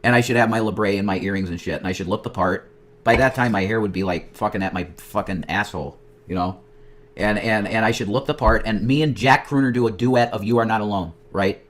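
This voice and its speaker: A man ranting in a casual livestream, profane and excitable, jumping between loud outbursts and muttered asides. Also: lowish voice, a little fast. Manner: profane, excitable, nostalgic rambling. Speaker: streamer. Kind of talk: rambling casual livestream chat.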